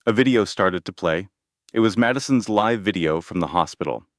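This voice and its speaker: A man narrating a scripted story with a measured, even delivery. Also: lowish voice, dry recording, studio quality.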